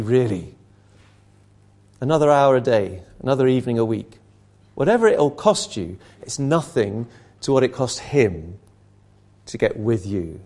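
A man's voice: mid-range voice, warm tone. A man preaching an impassioned sermon, asking rhetorical questions and repeating phrases for emphasis.

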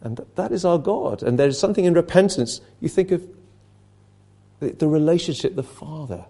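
Earnest man preaching, mellow tone. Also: fairly high pitch, animated, fairly quick. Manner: earnest, with frequent restarts and dropping to a hush. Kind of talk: sermon.

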